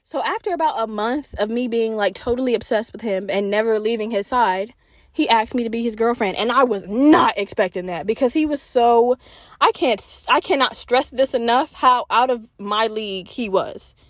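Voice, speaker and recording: A woman hosting a podcast, telling a personal story in a casual, animated way, swearing freely and acting out her own quotes. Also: a little high, normal speed, dry recording, studio quality. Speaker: podcast host.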